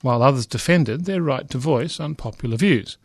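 A man's voice: mid-range voice, brisk, slightly rough, dry recording. A middle-aged man lecturing, reading a news report aloud with frequent asides, fillers and restarts.

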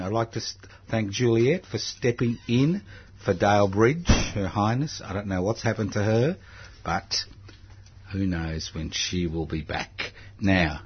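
A man's voice: on the low side, husky. An older man hosting a community radio show, joking and teasing his guest. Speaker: radio host. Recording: dull lo-fi radio recording.

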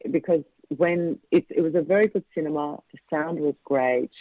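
Film director guy on the radio, halting and thoughtful, dry kinda dull sound. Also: fairly high pitch, no room sound. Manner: reflective, halting, many restarts. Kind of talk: radio interview. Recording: slightly muffled dry radio audio.

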